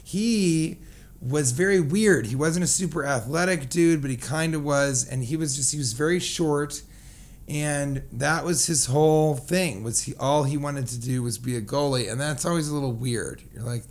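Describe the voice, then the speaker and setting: A man's voice: on the high side, moderate pace. A man co-hosting a casual comedy podcast, rambling through a funny story and riffing on words. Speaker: podcast co-host.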